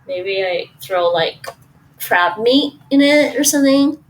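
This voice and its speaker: A woman's voice: on the high side, animated, takes it slowly, recorded from a distance, a little hiss or hum, rough recording. A woman, chatting casually and thinking aloud while she cooks at home and answers her stream chat. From Toronto, Canada. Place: home kitchen.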